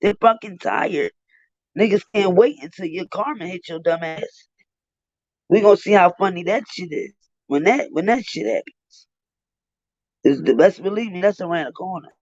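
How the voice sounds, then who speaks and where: A man's voice: sits high, moderate pace, a little mellow, dry recording. A man giving heated, profane live commentary on a stream. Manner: profane, indignant, ranting. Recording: dull dry lo-fi stream audio.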